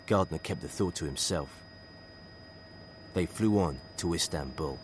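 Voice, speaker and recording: A man reading a thriller audiobook in a steady, measured narration. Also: very deep voice, background noise. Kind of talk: scripted narration.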